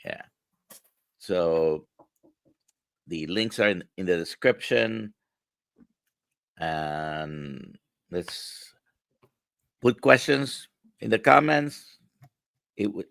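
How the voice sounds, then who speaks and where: A man hosting a livestream in a relaxed way, with many fillers and pauses. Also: low-pitched, creaky, no echo, clean studio sound. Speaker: livestream host. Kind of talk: casual livestream talk.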